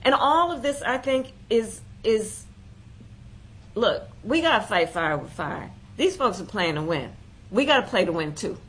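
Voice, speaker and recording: A woman's voice: medium pitch, lively intonation, measured pace, a little hiss or hum, low-quality recording. A woman giving an insistent political speech, listing what her side must do. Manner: insistent, list-like. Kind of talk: rallying speech clip.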